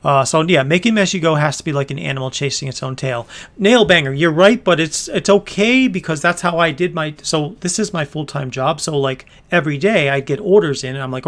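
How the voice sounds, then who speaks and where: A man's voice: a little high, fairly quick, fairly bright tone. A man hosting a casual livestream for his small business, rambling through his plans with many fillers and restarts and reading out viewer comments.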